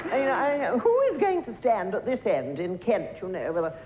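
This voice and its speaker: A man plays a plummy, pompous elderly lady who dithers and turns grandly indignant, her voice swooping all over the place. It rings out across a large theatre with a long, dull-sounding reverb. A clear hum of the house sits behind her. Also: high voice, wildly swooping pitch, moderate pace, crowd noise. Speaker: comic double-act performer. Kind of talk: stage comedy sketch.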